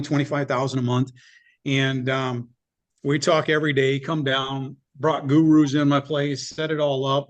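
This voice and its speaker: A middle-aged man telling his business story in an interview, in a blunt, animated way with some swearing. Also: mid-range voice. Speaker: business owner guest.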